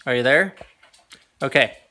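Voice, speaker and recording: A young man chatting casually as a vlogger, signing off to his viewers. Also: mid-range voice. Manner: slow, chatty, drops to a whisper while hiding. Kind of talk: casual vlog chat. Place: inside a store. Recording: loud background noise.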